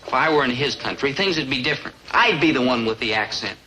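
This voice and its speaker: A man's voice: medium pitch, fast, a little hiss or hum, rough recording. A wry lovesick young man. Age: young adult. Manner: wry, deadpan. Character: lovesick teenage boy, glum and wry.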